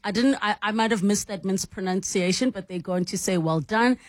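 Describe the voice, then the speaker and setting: A woman's voice: medium pitch, fairly even intonation, fairly quick, no echo. Lady radio host, mid voice, dry close mic, chatty, lots of mm's. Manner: conversational, frequent "mm" acknowledgements. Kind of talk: radio studio conversation.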